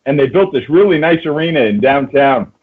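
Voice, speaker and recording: A man hosting a podcast, chatting casually and haltingly with many restarts. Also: on the high side, lively intonation. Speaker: podcast host. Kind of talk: casual chat. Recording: tinny phone-like line.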